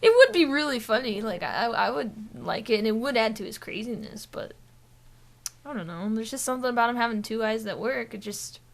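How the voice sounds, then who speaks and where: Giggly woman podcast cohost, kinda high voice, rambles with lots of ums. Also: big pitch swings, fairly quick, gravelly. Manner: chatty, giggly, rambling with many fillers. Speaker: podcast co-host. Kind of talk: casual chat.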